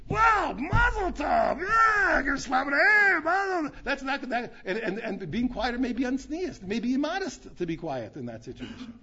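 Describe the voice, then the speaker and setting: A man, a rabbi, teaching a Torah class in an animated way, repeating phrases and restarting often. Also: high-pitched. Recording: dull lo-fi recording.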